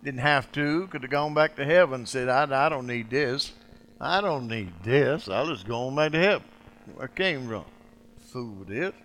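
Bright-voiced preacher man. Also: mid-range voice, expressive, moderate pace, slight background noise. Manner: dramatic, acts out quoted speech with big swings from loud to hushed. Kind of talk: sermon.

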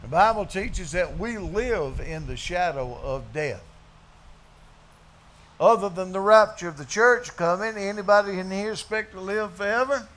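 A man delivers a sermon in a fairly high voice. He preaches in a folksy, emphatic way and leans on rhetorical questions to his congregation. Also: animated, unhurried, a bit bright. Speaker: pastor. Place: church before a congregation.

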